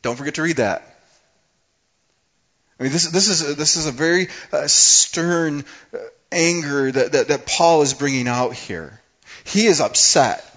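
A man preaching a sermon, moving from quiet talk to fiery, emphatic declarations. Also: a little high, a little slow, muffled recording. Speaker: pastor.

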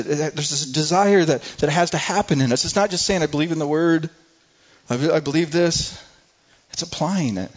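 A man preaching a sermon to a congregation with passion, swinging from soft, low moments to loud, high pleas and often repeating words. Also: moderate pace, highs cut off. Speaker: pastor.

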